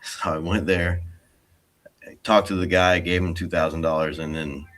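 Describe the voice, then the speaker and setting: A man with a low, deep voice chats on a livestream. He tells his story loosely, full of uhs and restarts. His tone stays easygoing throughout. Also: level tone, normal speed, fairly bright tone. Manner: rambling, hesitant, with many fillers. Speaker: livestream co-host. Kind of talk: casual chat.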